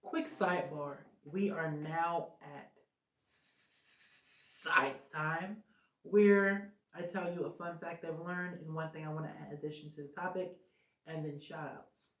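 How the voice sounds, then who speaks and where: A podcast host chatting casually on their own, rambling with lots of "um" and "like" fillers. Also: medium pitch. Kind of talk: casual solo podcast chat. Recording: roomy echo.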